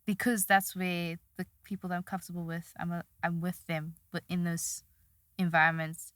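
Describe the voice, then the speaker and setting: Bright-voiced young woman rambling casually. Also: fairly low pitch, flat delivery, normal speed, dry recording. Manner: rambling, self-deprecating, laughs often. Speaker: podcast guest. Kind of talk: casual chat.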